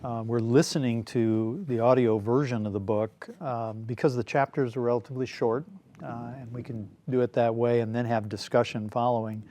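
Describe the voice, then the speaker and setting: A man hosting a casual book discussion, talking in a relaxed, rambling way with frequent fillers and some throat clearing. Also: medium pitch, normal speed. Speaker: show host.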